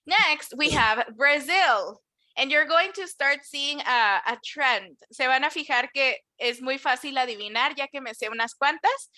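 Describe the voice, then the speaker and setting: A bright, high-pitched woman teaches nationalities in an online class as a bilingual English teacher. She switches between English and Spanish explanations and draws out model words slowly for students to repeat.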